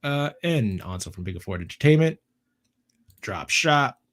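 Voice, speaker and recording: Animated swearing male podcast host. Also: mid-range voice, a little slow. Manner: animated storytelling, swearing, repeats himself. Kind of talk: casual chat.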